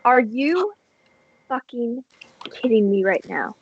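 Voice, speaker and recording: A woman's voice: on the high side, very animated, takes it slowly, dull audio, a little hiss or hum. A woman doing a stammering, panicky young man. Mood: frantic. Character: stressed flustered young man with a pet weasel.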